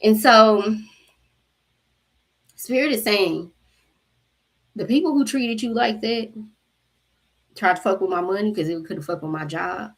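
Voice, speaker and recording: Husky woman ranting to her viewers, swears a lot, acts out everybody's lines, mid-pitched voice. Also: moderate pace, pauses often. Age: adult mother. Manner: animated, profane, acts out quotes. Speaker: spiritual channel host. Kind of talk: casual storytelling to viewers.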